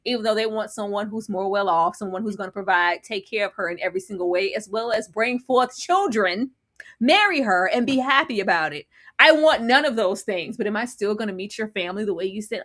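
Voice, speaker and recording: A woman co-hosting a live reality show recap, talking in an animated, dramatic way and mocking the people she discusses. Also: mid-range voice, fairly quick. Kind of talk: casual live recap chat.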